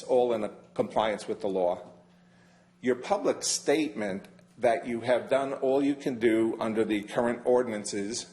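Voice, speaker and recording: An older man giving a formal public comment at a county meeting, measured and emphatic, leaning hard on key words. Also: mid-range voice, darkish tone. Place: county council chamber.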